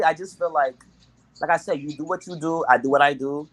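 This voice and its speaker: A man on a podcast panel, talking in an animated, amused way with many stammers and restarts. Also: fairly high pitch, fairly quick. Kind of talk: casual podcast debate.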